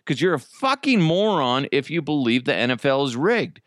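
A man's voice: mid-range voice, big pitch swings, normal speed, no echo, clean studio sound. A man hosting a solo podcast, ranting profanely and mocking his targets. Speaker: podcast host.

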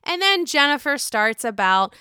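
Lively, bright-voiced gossipy woman. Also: high voice, normal speed, no echo, studio quality. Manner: animated, gossipy, heavy swearing. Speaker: reality TV recapper. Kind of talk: casual recap chat.

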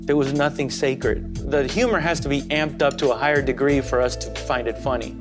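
A man of ordinary pitch speaking slowly and reflectively in an interview. He gathers his thoughts as he goes, restarting now and then. Clear guitar music plays behind him. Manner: thoughtful, measured, with small restarts. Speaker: comedian interviewee.

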